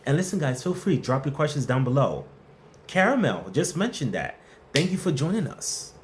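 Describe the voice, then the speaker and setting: A man's voice: fairly high pitch, sing-song, moderate pace, a little hiss or hum. A man hosting a casual workplace advice livestream, answering viewer questions and greeting the chat by name in a playful, slangy way.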